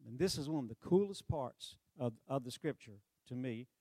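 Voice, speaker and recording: A man preaching a sermon, retelling a story with lively delivery, sarcastic humor and acted-out quotes. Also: medium pitch, normal speed, breathy edge, no echo.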